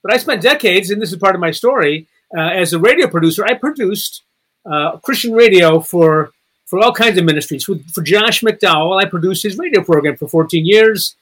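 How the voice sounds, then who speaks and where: A man in his sixties with a high, bright voice tells a playful, rambling story. He sounds like a guest on a casual podcast chat. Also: expressive, brisk. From Chicago, Illinois area. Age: 60s. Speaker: guest author.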